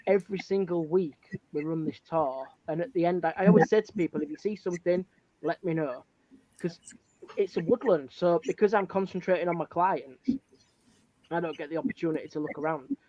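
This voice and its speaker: Guy telling ghost stories, lots of ums, slightly high, dead dry sound. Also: brisk, warm tone, dry recording, dull audio. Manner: hesitant, many ums. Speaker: paranormal investigator and ghost walk guide. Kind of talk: casual chat.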